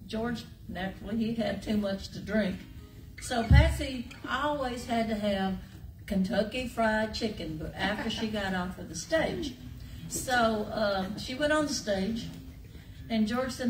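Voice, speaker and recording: A woman, telling a lively anecdote to fans with plenty of laughter. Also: mid-range voice. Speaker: surprise guest on an artist panel. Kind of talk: storytelling to a fan audience. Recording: echoey room, noisy, mic at a distance.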